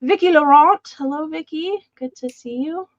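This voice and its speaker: A woman's voice: high voice, moderate pace, no room sound, muffled recording. A woman hosting a live online sale, chatting casually and greeting viewers by name. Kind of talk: casual live-stream chat.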